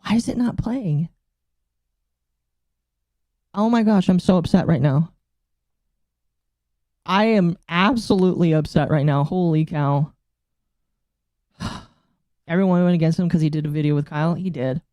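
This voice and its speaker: A woman streaming live in easy, casual chat with her audience, her voice mellow and low-key in tone. She sounds flustered and exasperated, muttering to herself as she works through technical settings. The sound is close and dry, with no room around it. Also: measured pace, long pauses, no echo, highs cut off. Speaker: VTuber streamer.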